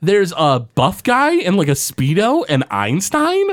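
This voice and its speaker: Animated man recapping an episode. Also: high voice, a little slow, no room sound. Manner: animated retelling with playful character voices. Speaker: podcast co-host. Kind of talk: casual episode recap chat.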